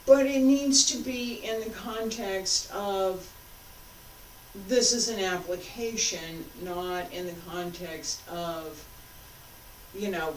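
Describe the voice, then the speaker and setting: A woman's voice: mid-range voice, fairly even intonation, slow pace, a little hiss or hum. A woman martial arts instructor talking a class through moves, patiently cueing each step as she demonstrates. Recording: roomy sound, mic far off.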